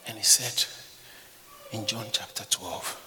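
A man preaching a sermon, acting out voices and breaking into shouts. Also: lowish voice, slow, noisy background. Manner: animated, acts out voices and shouts. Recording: echoey hall.

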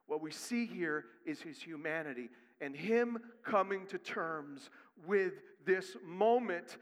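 A male pastor preaching a sermon. He moves from quick, quiet asides to loud, rising emphasis. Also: sits high, expressive. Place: church sanctuary. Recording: long reverb of a church hall.

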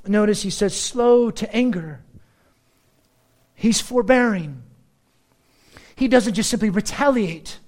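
High-voiced man preaching a lively sermon. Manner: animated, shifts between slow emphatic phrasing and quick asides. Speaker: pastor.

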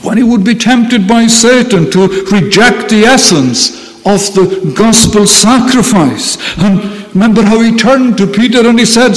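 A man preaching a sermon in a slow, deliberate way, with emphatic repetition. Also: high voice, in a large hall, rough recording.

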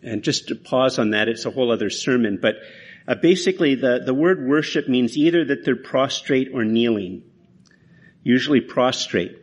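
Speaking at normal speed in an animated, mid-range voice, a pastor delivers his sermon in an earnest, conversational style. He frequently begins his phrases again.

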